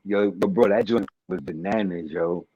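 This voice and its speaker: A man's voice: low-pitched, moderate pace, crowd noise. Man with a dull, dry podcast mic. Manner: emphatic slang, repeats phrases. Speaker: podcast co-host. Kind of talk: casual banter.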